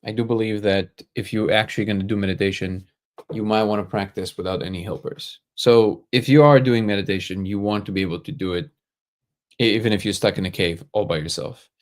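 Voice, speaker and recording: A man hosting a casual livestream, answering viewer comments in a relaxed, joking way and thinking aloud as he goes. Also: fairly low pitch, fairly quick. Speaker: livestream host.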